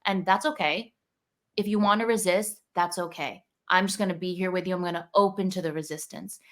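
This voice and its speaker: A woman's voice: on the low side, steady tone, a little fast, a bit bright. A woman in her thirties in casual podcast chat, speaking in an earnest and reflective way. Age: 30s. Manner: earnest, reflective, talks through inner dialogue.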